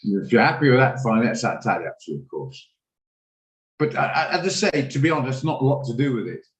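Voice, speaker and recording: A man's voice: medium pitch, big pitch swings, a little fast, reverberant, poor audio. A man hosting a live trading session, chatting and thinking aloud as he works through charts. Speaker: trading room host. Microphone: video call.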